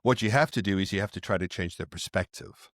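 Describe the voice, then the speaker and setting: A man's voice: deep voice, fast, fairly bright tone, no echo, clean studio sound. A middle-aged man guesting on a podcast, earnestly explaining and telling stories from his own parenting. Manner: earnest, reflective storyteller. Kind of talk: conversational interview, explaining.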